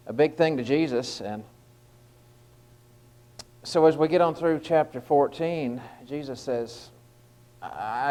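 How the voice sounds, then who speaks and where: A man's voice: mid-range voice, a little mellow, poor audio. A man giving an informal evening devotional talk, conversational and stopping often with fillers and restarts. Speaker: lay preacher giving a short devotional.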